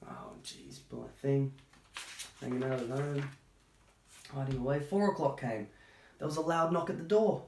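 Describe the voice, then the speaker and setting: A man reading a children's picture book aloud, breaking off for chatty, gentle asides. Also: on the high side, expressive, moderate pace, long pauses, slight background noise. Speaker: storytime reader. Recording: roomy echo.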